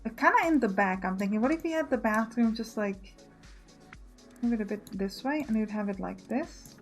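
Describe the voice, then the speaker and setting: A woman's voice: medium pitch, expressive, brisk, faint music behind. A woman giving casual let's play commentary, thinking aloud and correcting herself as she plans.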